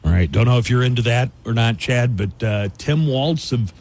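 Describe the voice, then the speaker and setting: A man's voice: medium pitch, lively intonation, normal speed, a little mellow. A male radio host in casual chat who talks with many fillers and laughs easily.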